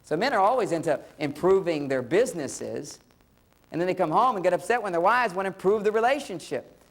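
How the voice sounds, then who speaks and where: A man's voice: sits high, animated, a little fast. A middle-aged man giving a humorous talk on relationships, playfully acting out little bits of dialogue. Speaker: relationship speaker. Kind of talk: humorous lecture.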